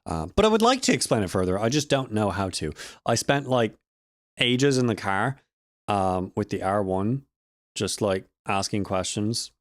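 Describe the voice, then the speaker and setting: A man's voice: lowish voice, very animated, normal speed, no room sound, studio quality. A man casually explaining audio harmonics in a vlog, rambling and correcting himself with joking asides. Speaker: audio student vlogger.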